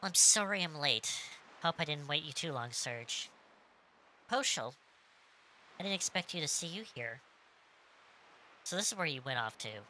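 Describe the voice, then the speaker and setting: A streamer voicing a stern but gentle young woman, reading her game lines softly and wistfully. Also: medium pitch, lively intonation, measured pace, pauses often, a little hiss or hum. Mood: friendly.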